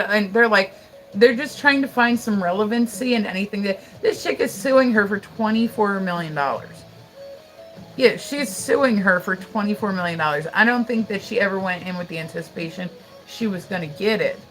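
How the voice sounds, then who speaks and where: A woman's voice: medium pitch, brisk, fairly bright tone, soft background music, rough recording. A woman hosting a casual livestream, telling stories in a rambling way full of "like" and "you know", with faint noise behind her. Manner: rambling, filler-heavy storytelling with frequent "like". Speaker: livestream host.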